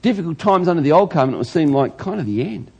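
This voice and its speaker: Animated husky male preacher. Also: fairly high pitch, quick pace, highs cut off. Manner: animated, rising to loud exclamations. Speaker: pastor. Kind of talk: sermon.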